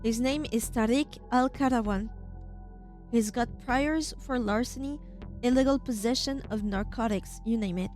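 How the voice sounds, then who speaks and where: A woman reading a brisk police commander. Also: a little high, darkish tone, faint music behind, natural voice. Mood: briefing. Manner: crisp, businesslike briefing.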